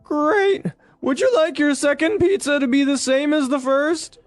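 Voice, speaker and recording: A woman's voice: sits high, measured pace, dry recording, soft background music. A woman reading the part of a polite pizza shop clerk taking a phone order in a scripted dialogue. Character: polite young male pizza clerk Marty.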